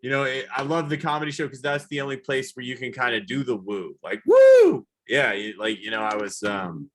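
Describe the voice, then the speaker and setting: A man doing a rambling, self-deprecating stand-up comedy set, now and then yelling high whoops. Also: fairly even intonation, fairly quick. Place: comedy show, live virtual audience.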